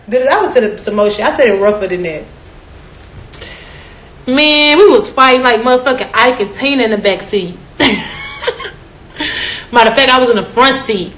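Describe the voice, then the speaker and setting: A woman's voice: high voice, lively intonation, normal speed, bright, forceful tone. A young woman telling stories in a casual chat, brash and profane, often laughing. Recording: echoey room with faint noise.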